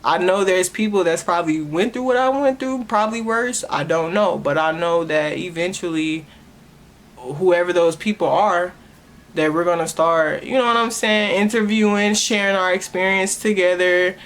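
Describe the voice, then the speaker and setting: Speaking at a moderate pace in a fairly low pitch, this young woman shares a heartfelt personal testimony on the podcast she hosts. She frequently breaks off and begins her sentences again.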